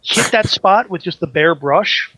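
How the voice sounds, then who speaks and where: A man co-hosting a casual podcast chat, joking and swearing in a relaxed way. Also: high-pitched, measured pace. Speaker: podcast co-host.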